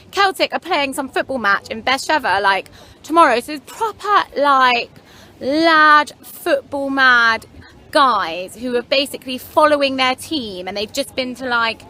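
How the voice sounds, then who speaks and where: A woman's voice: high voice, bright, forceful tone. A young woman from London, telling a story to her vlog camera in a chatty, rambling way with frank, wry asides. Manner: chatty, rambling, lots of "anyway" and "like". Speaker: vlogger.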